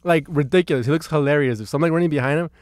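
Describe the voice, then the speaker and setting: A man's voice: a little high, racing, no room sound, studio quality. A young man hosting a podcast in casual chat, telling stories animatedly, swearing a lot and acting out what people said. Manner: animated storyteller, swears a lot, acts out quotes. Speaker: podcast host.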